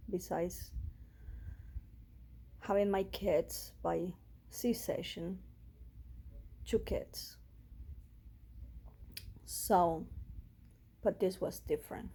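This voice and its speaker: Slow, gravelly-voiced woman telling her story. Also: fairly low pitch, dark tone. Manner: emotional, halting, with pauses and restarts. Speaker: vlogger sharing a personal health story. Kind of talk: personal storytelling vlog.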